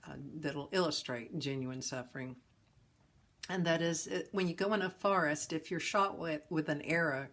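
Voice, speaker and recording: A woman hosting a talk on suffering, telling a parable in a gentle, folksy way. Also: deep voice. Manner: gentle, folksy storyteller with chuckles. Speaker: host and teacher of a philosophy of ease.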